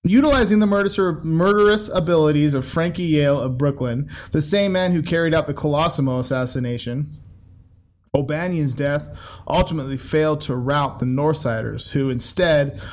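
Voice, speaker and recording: A man's voice: a little high, moderate pace. Man reading history aloud with crude asides. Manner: casual, swears, laughs at the text. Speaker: reader.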